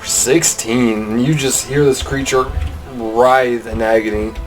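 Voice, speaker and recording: A man running a tabletop game as game master, relaxed and laughing easily as he describes the action. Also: medium pitch, unhurried, faint music behind, poor audio.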